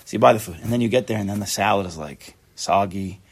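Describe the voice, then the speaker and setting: A man's voice: fairly low pitch, fast talker, gravelly. A man giving a casual, chatty Torah class, joking and mixing Hebrew and Yiddish terms into his talk.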